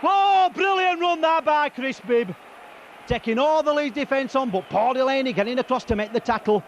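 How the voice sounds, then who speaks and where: A hoarse man calls a rugby league match from an outdoor ground, voice pushed very high with excitement. He rattles off player names in a partisan rush. Clear background noise runs under the broadcast. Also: normal speed, highs cut off. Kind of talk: live match commentary.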